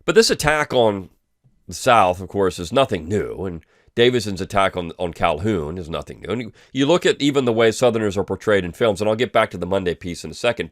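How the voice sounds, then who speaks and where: A man's voice: low voice, no echo, studio quality. A man hosting a weekly review show, talking through recent articles in a loose conversational way with many ums and restarts. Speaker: host of a weekly review podcast. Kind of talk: casual spoken commentary.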